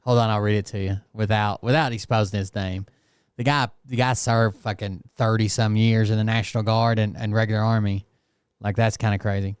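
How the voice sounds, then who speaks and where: A man's voice: lowish voice, level tone, brisk, clean tone, no echo, studio quality. A man hosting a casual reaction commentary, rambling and hesitant with frequent restarts. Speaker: commentary channel host.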